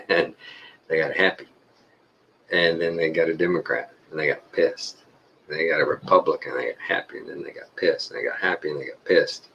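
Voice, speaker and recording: A man's voice: a bass voice, gravelly, highs cut off, a little hiss or hum. A middle-aged Texan man talking to his viewers in a folksy, rambling way, chuckling often. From Texas. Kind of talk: casual monologue to viewers.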